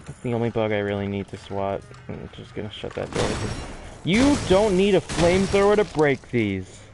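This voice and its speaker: A man's voice: medium pitch, lively intonation, normal speed, vocal fry, over music. Chatty speedrunner man commentating. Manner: chatty, self-deprecating, frequent restarts. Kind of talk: casual gameplay commentary.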